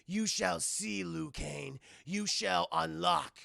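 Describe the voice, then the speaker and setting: A grave mystic warrior mentor, voiced by a man doing an impression who hands down slow, portentous commands. His voice is gravelly and dry. Every phrase sounds weighty and deliberate. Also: on the high side, pushed and bright, dry recording, exaggerated voice. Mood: solemn.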